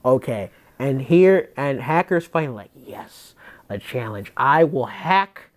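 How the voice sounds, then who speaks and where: A man's voice: a little high, a little mellow. A man hosting a comedy podcast, casually recapping a story in a rambling way, full of fillers and restarts. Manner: rambling, filler-heavy, self-interrupting. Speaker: podcast host.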